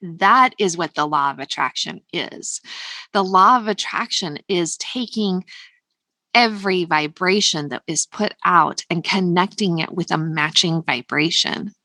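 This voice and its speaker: A woman's voice: on the low side, a little slow, sharp tone, no echo. An American woman hosting a motivational podcast, upbeat and emphatic, repeating phrases for stress. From United States. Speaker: podcast host.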